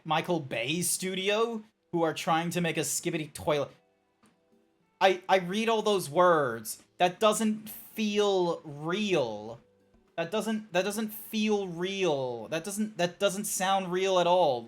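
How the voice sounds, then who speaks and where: A man streaming a video game, chatting casually with an animated, playful manner and exasperated little outbursts. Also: high voice, takes it slowly. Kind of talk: casual gameplay stream chat. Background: faint chill background music.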